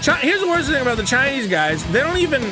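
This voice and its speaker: A man's voice: extremely high pitch, big pitch swings, fast talker, music in the background. A man co-hosting a podcast, rambling and swearing through comic stories. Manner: profane, rambling, jumps into mocking voices. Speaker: podcast co-host. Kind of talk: casual comedic chat.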